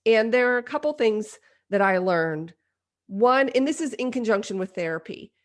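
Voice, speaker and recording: Candid self-mocking woman podcaster. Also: mid-range voice. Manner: self-deprecating, confessional, lively retelling. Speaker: podcast host. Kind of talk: candid personal storytelling.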